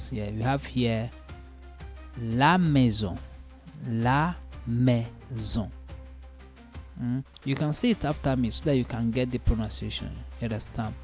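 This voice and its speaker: A man teaching French vocabulary online, slowly repeating each word and often asking learners whether they understand. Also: medium pitch, fairly even intonation, a little mellow, soft background music. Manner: slow, drawn-out repetition of each word; keeps checking in with learners.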